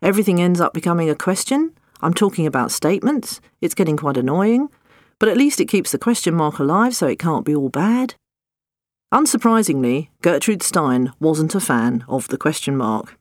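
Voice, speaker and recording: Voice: medium pitch, sing-song, normal speed, no room sound. A narrator reading scripted nonfiction with wry, dry humor.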